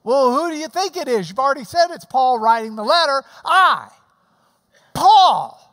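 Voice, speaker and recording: A pastor preaching a sermon, telling stories and explaining scripture in an animated way and acting out the clapping. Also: high voice, fast talker. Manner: animated storytelling, mimics clapping. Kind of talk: sermon with Bible teaching. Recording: long hall reverb.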